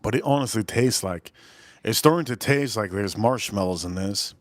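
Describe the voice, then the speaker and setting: A man hosting a casual live-stream whiskey tasting, rambling and repeating phrases while giving shout-outs to his chat. His voice sounds a little deeper than usual, as if he is coming down with something. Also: moderate pace, dry recording. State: voice turning deeper, feeling a bit ill.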